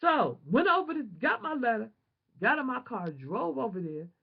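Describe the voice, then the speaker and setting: A woman vlogger telling a personal testimony in an animated, emotional, prayerful way, on a dull lo-fi home recording. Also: on the high side, normal speed, creaky, slightly rough.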